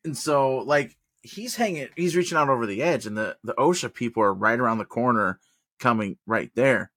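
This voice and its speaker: Lively, swearing male podcast storyteller. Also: mid-range voice, moderate pace, no echo. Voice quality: profane, animated storyteller who acts out quotes. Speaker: podcast co-host; work crew boss. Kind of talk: casual storytelling chat.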